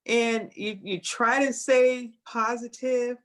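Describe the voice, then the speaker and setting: A woman on a talk show speaking in a halting, emotional way, repeating herself. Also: a little high, steady tone. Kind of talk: casual talk show conversation.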